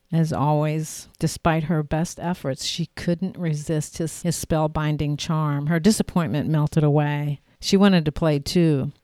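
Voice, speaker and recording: A woman narrating an audiobook in a steady, clear storytelling manner. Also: low-pitched, a little slow, few pauses, no echo, studio quality.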